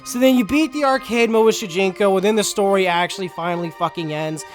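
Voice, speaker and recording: A man's voice: sits high, fast talker, faint music behind. A man giving a casual, sarcastic, profanity-laced recap of a game story as a reviewer.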